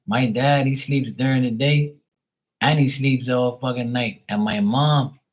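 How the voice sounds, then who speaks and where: A man's voice: mid-range voice, steady tone, unhurried, low-quality recording. A man hosting a livestream, rambling casually with lots of swearing and talking to his dog. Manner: loose and profane, rambling, chatting to a pet and viewers. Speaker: tarot reader livestream host. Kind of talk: casual chat.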